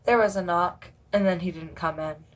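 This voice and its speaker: A woman's voice: on the low side, normal speed. A woman telling stories from her haunted house job as a casual vlog. She rambles with plenty of fillers and swears freely.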